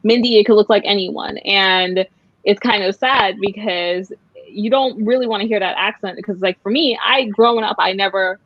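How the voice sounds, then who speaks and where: A woman guest in a casual discussion, animated and quick to restart her sentences. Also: medium pitch. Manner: animated, restarts often, laughs between points. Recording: dull, dry lo-fi sound.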